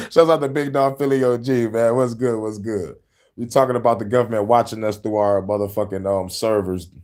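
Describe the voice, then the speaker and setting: His pitch is fairly low. On his laid-back podcast, this man in his thirties talks politics and film with plenty of swearing, frequent laughter, and loud shouted impressions.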